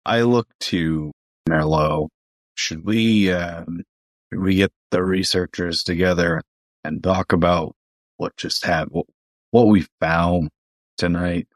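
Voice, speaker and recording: A man's voice: low voice, fairly even intonation, takes it slowly, dry recording. A man taking part in a tabletop game as a player, speaking bluntly in character and swearing. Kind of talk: tabletop role-play.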